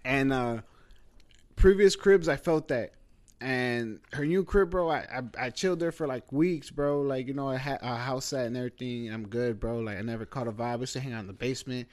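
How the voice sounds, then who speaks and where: A man's voice: medium pitch, fairly quick. A man telling a story in casual chat, loose and profane, full of fillers and "bro".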